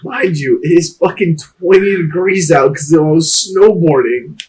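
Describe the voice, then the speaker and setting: A young man co-hosting a podcast, telling animated stories in casual chat and swearing a lot. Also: on the high side, normal speed, husky. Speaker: podcast co-host.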